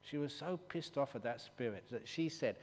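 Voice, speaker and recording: A man, a monk and meditation teacher, giving a dharma talk at a retreat in an animated, jokey storytelling manner. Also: medium pitch, moderate pace. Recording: long hall reverb, faint hum.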